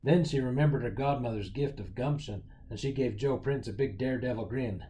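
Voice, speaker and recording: Mellow-voiced man reading a picture book. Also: mid-range voice, a little fast, a little hiss or hum, rough recording. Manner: lively expressive storytelling. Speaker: storyteller.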